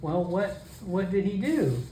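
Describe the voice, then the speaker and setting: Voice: medium pitch, big pitch swings, measured pace, dark tone, slight background noise, voice pushed up. A solo role-player voicing a polite, earnest male goblin traveler who stammers and hesitates, recorded in an echoey room.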